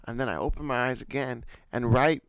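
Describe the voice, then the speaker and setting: A young man co-hosting a casual chat, telling a story in a rambling, animated way with lots of fillers and swearing. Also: medium pitch, a little fast, background noise. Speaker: podcast co-host.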